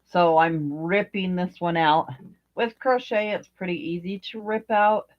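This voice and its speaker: This older woman's voice sits on the low side and she takes her time. As a crochet vlogger, she talks casually about her project as she works, wandering off track, thinking aloud, and using fillers. The sound is a dull, lo-fi home recording.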